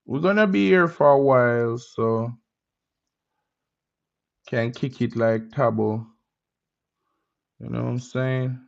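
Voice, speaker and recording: A gravelly, mid-range male voice speaks slowly and pauses often while hosting a casual livestream. He greets the audience in a relaxed way with Jamaican slang, over dull lo-fi stream audio.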